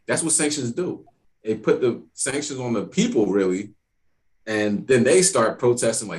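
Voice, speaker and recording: A man teaching an evening Bible class in a casual, streetwise way, talking in animated asides. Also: fairly low pitch, a little fast.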